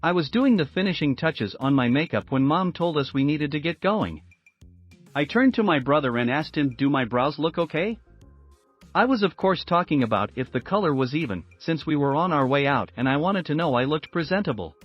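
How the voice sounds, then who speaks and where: Slightly high-voiced male narrator, lo-fi. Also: lively intonation, normal speed. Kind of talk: scripted narration of reader posts. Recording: dull lo-fi sound with faint music.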